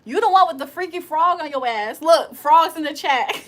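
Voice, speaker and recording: This livestream host has a high-pitched voice with lively intonation and a moderate pace. She keeps things casual, reading the chat out loud, swearing playfully, laughing often, and ribbing her viewers like a mock preacher.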